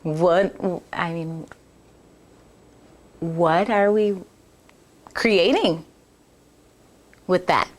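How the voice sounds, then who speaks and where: A woman's voice: fairly low pitch, very slow, long pauses. A woman bodywork therapist hosting a podcast, talking in an earnest, reflective way and acting out the voices in people's heads. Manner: earnest and conversational, acts out inner voices, many restarts. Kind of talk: reflective solo talk.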